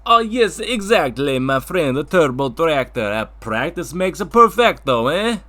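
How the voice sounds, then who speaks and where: A man voicing a proud Italian businessman in a comedic talk show sketch, with a put-on Italian accent and slow, sing-song speech. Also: on the high side, very animated, sharp tone, heavily acted. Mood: cheerful, proud. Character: boastful Italian businessman with very long name, adult man.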